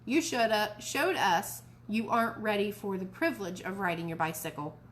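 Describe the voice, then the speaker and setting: A woman doing a calm, reasonable father in a children's storybook, stern when he lays down the rules. The reading stays close to her own voice. A faint hiss underneath. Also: mid-range voice, normal speed, lightly acted.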